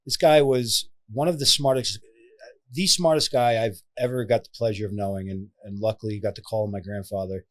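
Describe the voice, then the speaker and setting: A man with a somewhat low voice hosts a casual podcast. He chats easily and affirms his guest in a relaxed, friendly way. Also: fairly quick. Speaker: podcast host.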